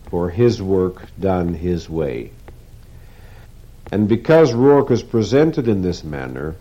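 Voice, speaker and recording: Deep-voiced man giving a formal literary lecture. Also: dark tone. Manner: measured, deliberate, formal diction. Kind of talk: literary lecture with read quotations. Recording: dull lo-fi recording.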